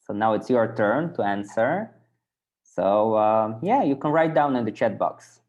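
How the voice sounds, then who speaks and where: Dutch-accented male tutor, low gravelly voice, unhurried and patient, dull online-class sound. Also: lively intonation, a little mellow. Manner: patient, repeats words slowly for learners. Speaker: Dutch language teacher.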